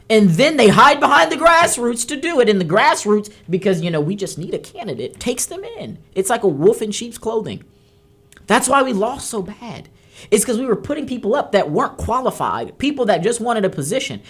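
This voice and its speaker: A woman's voice: fairly high pitch, slightly rough. A woman hosting a political talk show, delivering heated commentary and scolding emphatically. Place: studio.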